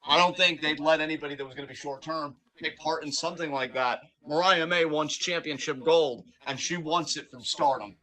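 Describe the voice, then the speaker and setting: A man co-hosting a live wrestling watch-along, giving animated play-by-play and hyping the wrestlers on a home streaming mic. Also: a little high, a little fast, hardly any pauses. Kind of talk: live reaction commentary.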